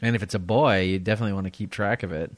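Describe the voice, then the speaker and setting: A man's voice: fairly low pitch, fairly even intonation, racing, no room sound. Man cracking crude jokes on a podcast. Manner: interjecting crude jokes, laughing often. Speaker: podcast co-host. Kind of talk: casual crude podcast banter.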